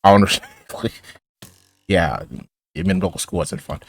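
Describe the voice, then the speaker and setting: Deep-voiced rambling teen gamer. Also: male voice, moderate pace. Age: teens. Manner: rambling, stumbling, sarcastic asides. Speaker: gaming YouTuber. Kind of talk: casual commentary over gameplay.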